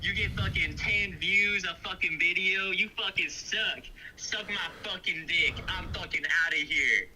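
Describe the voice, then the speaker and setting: A man's voice: sits high, measured pace, few pauses, bright, forceful tone, slight background noise, low-quality recording. A man calling in to a comedy podcast to insult the hosts, in aggressive, taunting, profane trash-talk. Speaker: caller insulting the show.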